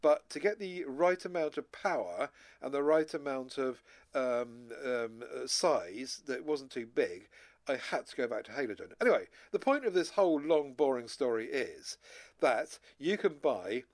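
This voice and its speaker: As co-host of a casual chat podcast, a man with a medium-pitched, animated voice talks at a moderate pace. He rambles, often restarting his sentences and repeating words.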